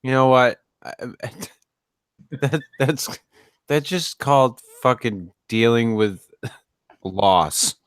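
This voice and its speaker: A man's voice: medium pitch, steady tone, extremely slow, pauses often, clear, resonant tone. A man co-hosting a podcast, chatting casually in a mock-serious, sarcastic way and swearing freely. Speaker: podcast co-host. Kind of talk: casual chat.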